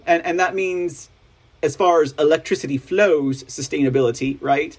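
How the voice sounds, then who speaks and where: A man's voice: fairly high pitch, steady tone, moderate pace. A man from Texas with a Texan drawl, hosting a news commentary show, reading stories aloud with sarcastic, rambling asides and constant "right?" tags.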